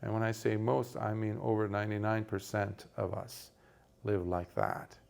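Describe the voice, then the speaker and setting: A man who is a Buddhist monk, giving a dharma talk and telling a parable, in an unhurried way with many fillers. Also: lowish voice, little pitch movement, vocal fry, darkish tone.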